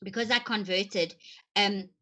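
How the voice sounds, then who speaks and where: A woman's voice: mid-range voice, steady tone, a little slow, a bit bright. A woman hosting an interview show, chatty and opinionated, often breaking in with her own comments. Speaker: host. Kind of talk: casual interview chat.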